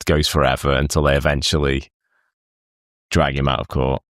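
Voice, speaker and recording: Guy rambling over clips, real low voice, dry close sound. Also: level tone, moderate pace, a bit bright, dry recording. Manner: rambling, laughs often. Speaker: reaction video host. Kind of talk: casual commentary over clips.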